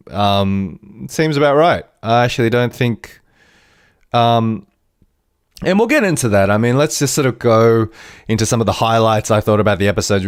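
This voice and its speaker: Brief: male podcast host, chatty animated reviewer, rambling, dry recording. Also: fairly low pitch, clear, resonant tone, no room sound. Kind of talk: casual TV episode review.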